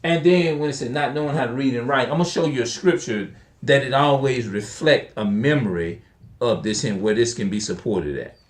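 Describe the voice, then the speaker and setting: A man's voice: mid-range voice, a little fast. Rambling man in an echoey room. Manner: slangy, rambling, repeats himself. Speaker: video creator. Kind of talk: casual rambling talk with scripture reading.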